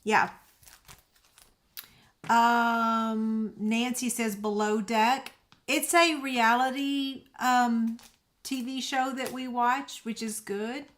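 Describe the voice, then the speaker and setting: A woman's voice: on the high side, steady tone, very slow, a bit bright. A middle-aged woman, hosting a crafting livestream and chatting casually with viewers by name.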